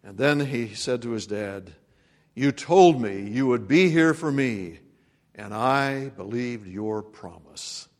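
A man preaching a sermon as pastor, swinging between loud proclamation and hushed, quiet lines. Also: medium pitch, expressive, takes it slowly. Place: church sanctuary. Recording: long reverb of a church hall.

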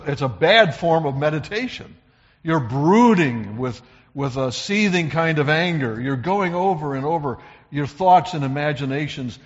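A man's voice: on the high side, in a large hall, dull audio. A man preaching a sermon in an earnest, emphatic way, often repeating words as he builds a point. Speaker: pastor.

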